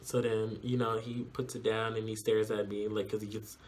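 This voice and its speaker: A man's voice: fairly low pitch, level tone, moderate pace, a little mellow, a little hiss or hum. A young man chats into his phone about his week. He rambles freely and leans on "like" and "um" as he recounts the story. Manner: rambling, heavy use of "like" and "um". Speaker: vlogger. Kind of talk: casual storytelling vlog.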